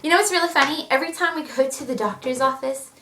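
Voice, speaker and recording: A woman's voice: high voice, quick pace. Chatty woman in an echoey room. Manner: chatty, animated, laughs often. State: pregnant. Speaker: vlogger. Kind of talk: casual pregnancy vlog chat. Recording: echoey room, mic at a distance.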